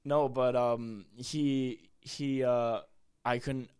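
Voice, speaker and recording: A young man, a podcast guest, telling a rambling story in casual chat, full of "like" and "bro" and quick laughs. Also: medium pitch, fairly even intonation, darkish tone, clean tone.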